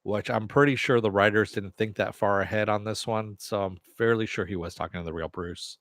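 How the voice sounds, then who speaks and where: A man's voice: on the low side, fairly even intonation, a little fast, fairly bright tone, dry recording, studio quality. A man hosting a casual live TV review, rambling off the cuff, swearing now and then and answering chat comments. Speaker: TV review host.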